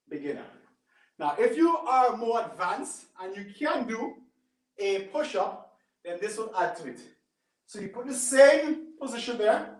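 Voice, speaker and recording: A man leading a live resistance band workout at home, coaching through each move and often checking in with "right?". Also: far from the mic. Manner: coaching, repeats "right?" and "boom". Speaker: fitness instructor. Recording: echoey room, away from mic.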